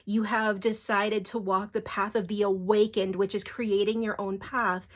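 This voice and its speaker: A woman's voice: mid-range voice, level tone, moderate pace. Earnest woman giving a tarot reading. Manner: soft, earnest and emotional, with frequent "okay?" and "like" asides. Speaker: tarot reader.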